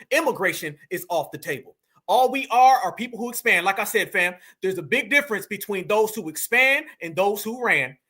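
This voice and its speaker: A man's voice: high voice, sharp tone. A man hosting a reaction commentary show, talking in a heated, confrontational, preachy way and calling his listeners "fam".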